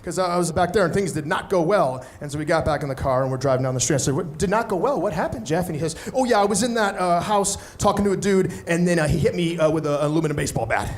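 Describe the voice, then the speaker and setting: A man's voice: on the high side, fast talker, few pauses. A man doing stand-up, telling a story with energy and acting out the other people in it. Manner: animated, acts out other people's voices. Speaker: stand-up comedian.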